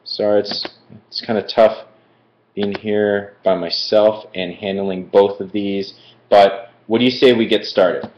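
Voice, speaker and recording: A man's voice: fairly low pitch, steady tone, unhurried. Chatty man reviewing frozen treats. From Philadelphia. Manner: chatty, rambling, digresses with fillers. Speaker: food reviewer. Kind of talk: casual live-stream food review. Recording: echoey room, dull lo-fi stream audio.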